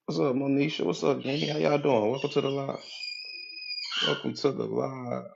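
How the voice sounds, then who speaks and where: A man coaching on a live stream, greeting viewers by name, repeating his points and pitching his community in a casual way. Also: steady tone, normal speed, vocal fry, muffled recording, background noise.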